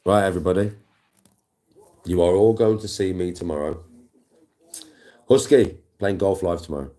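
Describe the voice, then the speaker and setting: A man's voice: deep voice, normal speed, warm tone. A man, chatting casually on a live stream, swearing freely and greeting viewers. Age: 40s. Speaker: livestreamer.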